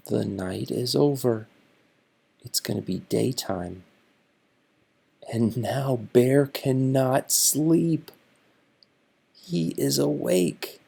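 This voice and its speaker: A man reading a picture book aloud to children slowly and deliberately, stopping to explain the feelings and words on each page. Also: mid-range voice, creaky, darkish tone, breathy edge.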